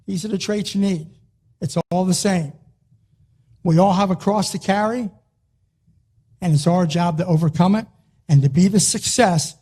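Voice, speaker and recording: High-voiced older man giving a motivational speech. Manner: emphatic, repetitive, rising to a shout on key lines. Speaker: motivational speaker.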